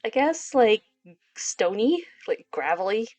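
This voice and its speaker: A woman's voice: on the high side, big pitch swings, slow pace, darkish tone. A woman hosting a gaming channel, making chatty, giggly asides while she plays through a story game. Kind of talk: casual gameplay commentary.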